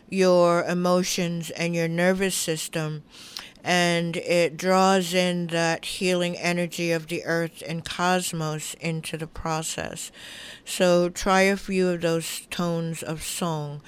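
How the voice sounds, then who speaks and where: Slow, calm woman guiding relaxation. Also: on the low side, clean tone. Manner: calm, unhurried, soothing guidance. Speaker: wellness teacher. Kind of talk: guided relaxation instruction.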